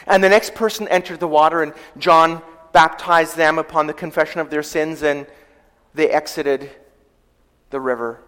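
Guy preaching a sermon, slightly high voice, long echo off the hall. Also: steady tone, fairly bright tone, clear, resonant tone. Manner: storytelling, swells and drops in volume, slows for quoted scripture. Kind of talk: sermon with scripture reading.

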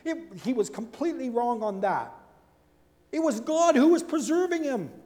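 A man preaching a sermon in a chatty, animated way, acting out the people he quotes and tossing in asides and rhetorical questions. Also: moderate pace. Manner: animated, acts out quoted speakers with big swings in pitch and loudness. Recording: long hall reverb.

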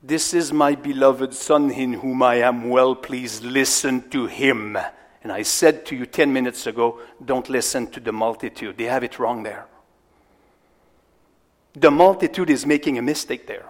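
A man's voice: medium pitch, measured pace. Preacher man in a reverberant hall. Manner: questions the congregation directly, swings from loud to hushed. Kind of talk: expository sermon.

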